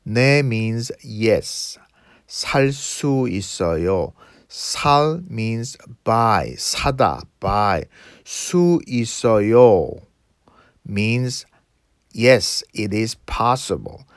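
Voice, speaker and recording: A man teaching phrases in English, explaining patiently and repeating each phrase slowly. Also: on the low side, animated, dry recording, studio quality. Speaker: Korean language teacher. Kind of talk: slow explanatory lesson.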